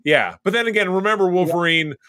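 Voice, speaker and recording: A man's voice: sits high, animated, fast talker, pushed and bright, dry recording. A man co-hosting a casual film podcast, rambling through scene recaps in a conversational way. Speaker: podcast co-host. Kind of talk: casual movie discussion.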